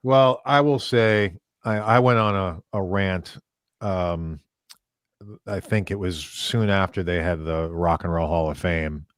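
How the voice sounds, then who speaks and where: A man with a very low voice co-hosts an interview. He talks with rambling enthusiasm and plenty of fillers. The sound is dry, with no room echo. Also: slow, clear, resonant tone. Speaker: podcast co-host. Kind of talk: casual interview conversation.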